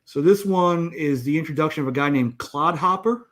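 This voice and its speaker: Man in his 40s, easygoing talk-show host, slightly higher voice, unhurried. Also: a bit bright. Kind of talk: casual live panel chat.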